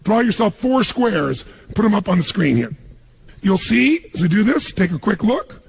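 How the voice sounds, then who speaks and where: A man giving a motivational seminar talk on stage, energetic and punchy, firing questions at a live audience. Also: high voice, normal speed, creaky, slightly rough. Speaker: motivational speaker.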